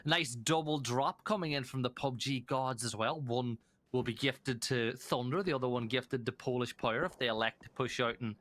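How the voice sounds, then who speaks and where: Bright-voiced Irish esports caster. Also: male voice, medium pitch, normal speed. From Ireland. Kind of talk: live esports commentary.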